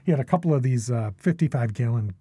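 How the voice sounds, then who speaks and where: A middle-aged man guesting on a podcast tells stories casually, rambling, restarting often, tagging sentences with questions, and swearing a lot. His medium-pitched voice is animated, quick, dark, and a bit breathy, in a dry recording.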